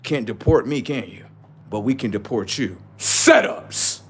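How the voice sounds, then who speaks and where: A man hosting a livestream, ranting in a heated, taunting way, swinging between loud jeers and low asides. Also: animated, a little slow, slightly rough. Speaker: livestream host. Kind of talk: profane livestream rant.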